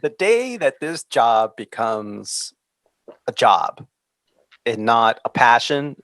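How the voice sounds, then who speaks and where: A man in his forties, an airline pilot, hosting an aviation podcast, chatting and reading the show intro, lively and playful. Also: mid-range voice, slow, no room sound. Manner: animated storyteller, puts on funny voices for quotes. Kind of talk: casual chat and scripted show intro.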